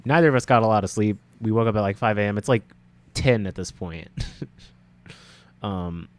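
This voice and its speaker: A man's voice: lowish voice, moderate pace. Young man rambling through a story. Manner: rambling, laughs often, acts out quotes. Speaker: podcast co-host. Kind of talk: casual storytelling chat.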